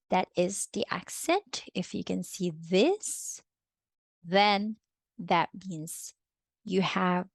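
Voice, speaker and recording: A woman's voice: on the low side, gravelly, no room sound, studio quality. A woman teaching an online Spanish lesson, explaining step by step and often checking in with "okay". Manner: slow, careful explaining with frequent "okay" check-ins.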